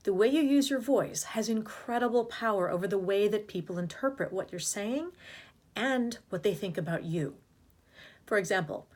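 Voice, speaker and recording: A woman's voice: medium pitch, expressive, moderate pace, darkish tone. A woman voice and leadership coach giving direct-to-camera advice in an upbeat, emphatic way. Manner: demonstrates vocal habits by mimicking them.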